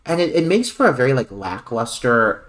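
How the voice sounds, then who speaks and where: Wry, lively-voiced man discussing a film. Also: mid-range voice, normal speed. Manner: sarcastic and wry, swears freely. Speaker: podcast co-host.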